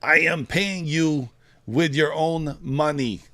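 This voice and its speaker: A man's voice: a little high, moderate pace, darkish tone, dry recording, pitched above the performer's own voice, close to an everyday voice. A man doing a smug gangster card shark. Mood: gloating. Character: smug male card-shark gangster, taunting, with a thick put-on foreign accent.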